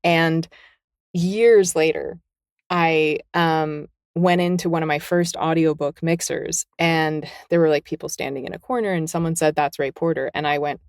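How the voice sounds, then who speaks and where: A woman's voice: deep voice, normal speed, no room sound, studio quality. A middle-aged woman, a guest narrator and novelist, telling stories in a candid podcast chat and acting out the quotes. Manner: animated storyteller who acts out quotes.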